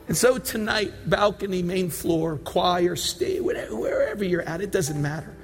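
A pastor preaching a sermon and leading an altar call prayer, pleading and repetitive, building to shouted prayer. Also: male voice, high voice, moderate pace, few pauses, faint music behind.

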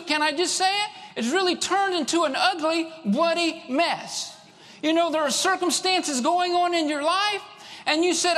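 Man preaching, high-pitched and fervent, repeats for emphasis, hall reverb. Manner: fervent, repeats lines for emphasis, rises to shouts. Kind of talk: sermon.

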